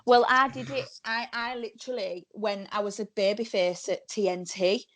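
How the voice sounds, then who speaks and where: A woman's voice: mid-range voice, moderate pace, dry recording. A woman in her twenties with a Hull accent, a guest chatting on a podcast and acting out the quotes in her stories. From Hull, England. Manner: animated storyteller who acts out quotes. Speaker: guest, professional wrestler. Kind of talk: casual podcast chat.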